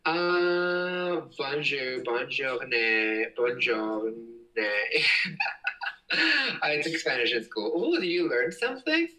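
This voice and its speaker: A young man rambles through a casual home livestream, giggling often as he reads comments. His voice is bright and bounces around a lot in pitch. He sounds like he is set back from the device mic. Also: sing-song, drawn-out words, far from the mic, poor audio. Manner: giggly, rambling, frequent laughs. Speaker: livestream host.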